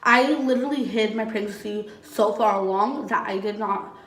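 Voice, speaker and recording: A woman's voice: medium pitch, moderate pace, fairly bright tone. A young adult woman vlogger telling her own story in casual, candid talk, swearing often and saying "like" a lot. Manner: candid and blunt, heavy use of "like" and swearing. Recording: echoey room, voice from a distance.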